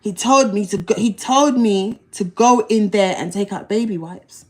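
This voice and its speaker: A livestream host with a medium-pitched, darkish voice tells a personal story at a moderate pace. She's blunt, uses slang and profanity, and tends to repeat herself.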